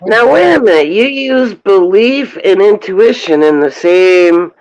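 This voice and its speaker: A woman speaking slowly over a video call, with a mid-range voice. She muses earnestly and laughs easily as a guest in a casual chat. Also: mid-range voice, lively intonation, a little mellow, dull audio.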